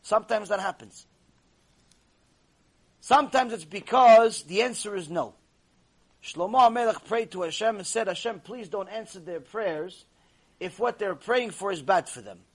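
High, husky-voiced rabbi teaching a class. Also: male voice, normal speed, pauses often. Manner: animated storytelling with Hebrew terms. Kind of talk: Torah class lecture. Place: classroom with a live audience.

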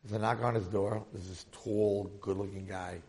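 A man's voice: lowish voice, moderate pace. A man teaching a Torah class, telling a story animatedly and addressing his listeners. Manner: animated storyteller, talks to audience.

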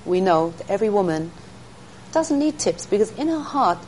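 A woman's voice: medium pitch, big pitch swings, normal speed, a little mellow, a little hiss or hum, poor audio. A middle-aged woman, a guest in an interview, telling faith stories in an earnest teaching tone. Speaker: interview guest, speaker to women. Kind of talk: storytelling in an interview.

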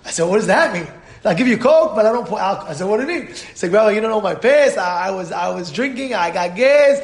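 A man teaching a Torah class as a rabbi, animated and full of rhetorical questions, acting out quotes. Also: high voice, quick pace, roomy sound.

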